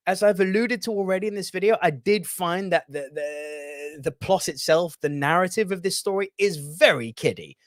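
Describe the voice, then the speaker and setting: A man's voice: mid-range voice, a bit bright, no echo, clean studio sound. A man hosting a casual movie review video, chatty and reading out viewer comments.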